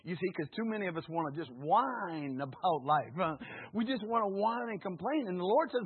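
A man preaching a sermon with call-and-response, his voice swelling to shouts on key lines. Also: high-pitched, animated, moderate pace, breathy edge. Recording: tinny phone-like recording.

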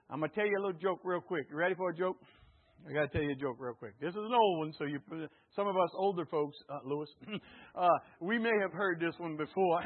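A man preaching a sermon with call-and-response, jokes and an earnest, hushed prayer. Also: fairly high pitch. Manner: call-and-response, jokey and lively. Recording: tinny phone-like lo-fi sound.

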